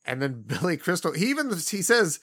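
A man casually discussing a comedy film, animated and swearing freely as he retells scenes. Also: fairly high pitch, a little fast.

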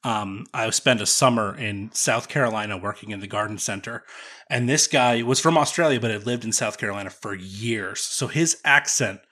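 A man's voice: lowish voice, moderate pace. A man in his thirties hosting a casual podcast chat, joking and laughing often. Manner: jokey, laughs often, animated. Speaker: podcast host.

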